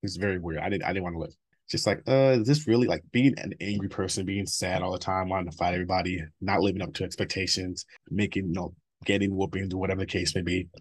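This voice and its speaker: A man in his thirties with a low, husky voice speaks quickly in a candid interview. His talk is blunt and full of swearing, and he laughs between stories. He has a rough edge and a rapid pace. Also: fairly even intonation. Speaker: interview guest.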